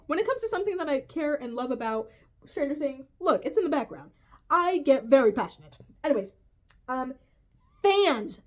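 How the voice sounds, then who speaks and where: A young woman vlogger with a high-pitched, somewhat dark voice rants through a casual video commentary. She sounds exasperated, swears freely, and keeps calling her viewers "bro."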